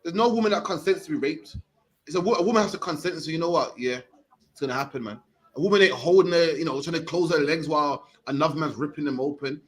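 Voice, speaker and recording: This is a street preacher, a British man in his thirties, whose voice is fairly high and fast. Emphatic throughout, he tacks "man" onto the end of his lines.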